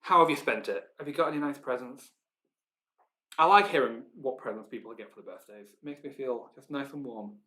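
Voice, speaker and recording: A man's voice: medium pitch, fairly quick, bright, forceful tone. A man with a Yorkshire accent hosting a live online pub quiz, chatty, reading out team names and laughing often. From Yorkshire, England. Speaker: quiz host.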